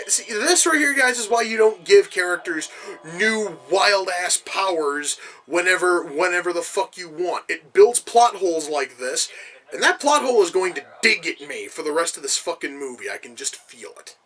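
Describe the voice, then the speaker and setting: A man talks through a film as he watches it, in a high voice with a sharp, bright edge. He rants and swears with casual exasperation. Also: animated, normal speed, poor audio. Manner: profane, exasperated ranting asides. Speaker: movie reviewer. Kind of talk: casual reaction commentary.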